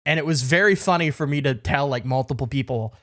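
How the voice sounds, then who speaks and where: A man's voice: mid-range voice, quick pace, fairly bright tone. A man co-hosting a podcast, telling stories in a rambling, self-deprecating way in casual chat. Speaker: podcast co-host.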